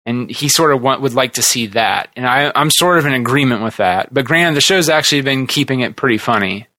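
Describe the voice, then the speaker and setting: A man hosting a podcast, chatting casually and retelling TV scenes in a rambling, animated way. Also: mid-range voice, brisk, dry recording. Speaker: podcast host. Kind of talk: casual chat.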